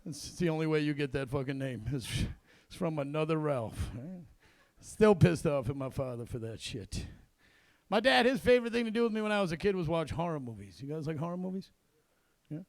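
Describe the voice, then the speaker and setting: A man with a high, gravelly voice works a club crowd through a handheld mic, rambling and crude, slipping into quoted voices. The sound is close and dry. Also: lively intonation, brisk, no room sound. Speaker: stand-up comedian. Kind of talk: stand-up comedy set. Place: comedy club stage in a casino.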